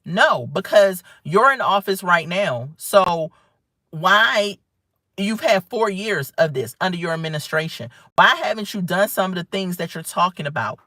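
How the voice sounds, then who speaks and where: Brief: young adult woman, bright forceful voice, animated vlog rant. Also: fairly low pitch, a little slow, no echo. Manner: animated, emphatic, talks straight to viewers. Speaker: vlogger. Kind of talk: casual opinion vlog while driving home. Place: car.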